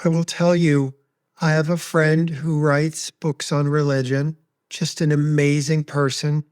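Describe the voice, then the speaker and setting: A man speaking as a guest expert on grief, sharing a personal story in an earnest, measured, heartfelt way. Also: a little high, little pitch movement, darkish tone, no echo, studio quality.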